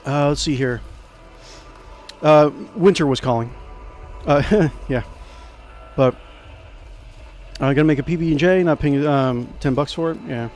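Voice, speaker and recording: Male gamer, slightly high voice, slow relaxed delivery, playful thinking-aloud commentary. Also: slight background noise. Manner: playful, chatty, thinks aloud, makes little sound effects. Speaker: gameplay commentator. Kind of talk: casual let's play commentary.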